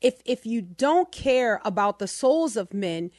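A woman's voice: fairly high pitch, lively intonation, a little slow, a little mellow, no room sound, clean studio sound. A woman hosting a Christian radio talk show, talking in a passionate, emotional and emphatic way.

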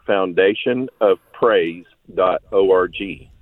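Caller, a man with a deep voice, heartfelt and rambling, heard over a tinny, dry phone line. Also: takes it slowly, no room sound. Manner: rambling, heartfelt, with many restarts. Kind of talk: call-in testimony. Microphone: telephone.

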